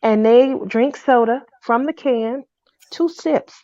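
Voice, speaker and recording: A woman telling a personal story in a casual, animated way. She acts out the people she quotes in a loud voice. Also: on the high side, slow pace, dry recording. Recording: dull, dry lo-fi recording.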